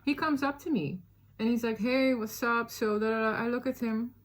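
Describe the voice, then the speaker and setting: A woman casually telling a personal story to her viewers, chatty and animated, with many fillers. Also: on the high side, a little fast.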